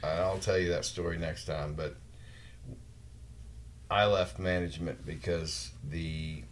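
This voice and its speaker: Very deep-voiced man podcast host. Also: slow pace. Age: 40s. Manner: relaxed, rambling anecdotes with mild swearing. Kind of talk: casual chat.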